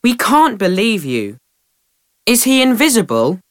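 A skeptical schoolboy from a storybook reading, put on by a woman narrator. He talks quickly, with pitch that leaps widely. Dry and close. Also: wildly swooping pitch, no echo.

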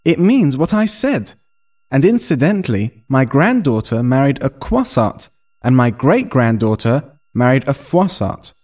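A man reading a story aloud and voicing a vain, quick-tempered woman of eighty-two, with a shrill, haughty delivery. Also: very animated, darkish tone. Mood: indignant.

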